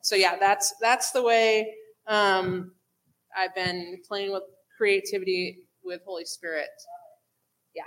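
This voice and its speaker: A woman chatting quickly about faith and retelling what people have told her. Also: medium pitch, steady tone, fairly bright tone, rough recording. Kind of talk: casual faith talk.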